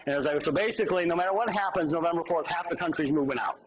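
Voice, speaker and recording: A male pastor preaches in a relaxed, conversational way. His voice sits fairly high, and he shifts into lively, humorous asides. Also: racing, low-quality recording. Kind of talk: sermon.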